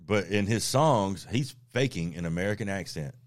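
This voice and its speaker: A man's voice: deep voice, expressive, moderate pace, a crowd in the background. A man with a Southern Georgia accent, hosting a casual podcast chat with jokes and cussing. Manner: drawling, joking, profane. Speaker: podcast host.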